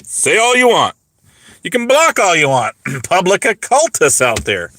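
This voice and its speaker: A man in his forties hosts a casual livestream, ranting sarcastically and mocking as he talks straight to his chat, rambling with frequent restarts and stumbles while his voice gets dry. His high, bright voice swoops wildly in pitch with a forceful tone at a measured pace. There is slight background noise.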